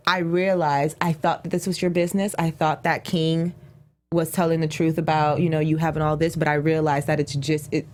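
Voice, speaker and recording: A woman co-hosting a casual TV recap chat, thinking out loud and raising questions. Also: low voice. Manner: thoughtful, questioning. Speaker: co-host.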